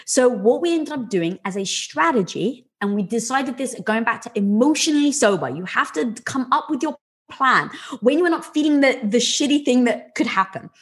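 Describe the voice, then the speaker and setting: A woman, a podcast guest, telling candid personal stories in an animated, swearing, often laughing way. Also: a little high, normal speed, breathy edge. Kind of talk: candid conversational storytelling.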